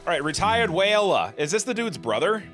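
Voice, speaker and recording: A man's voice: high-pitched, very animated, moderate pace, a bit bright, soft background music. A man hosting a casual let's play, commenting with wry, sarcastic asides.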